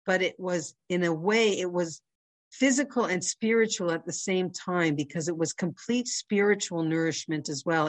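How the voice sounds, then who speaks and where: A woman's voice: fairly low pitch, no room sound. A woman with a Canadian accent teaching an informal religious lesson in a conversational way, often checking in with her listeners. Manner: conversational, checks in with "right?" and "you know". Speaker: Torah class teacher.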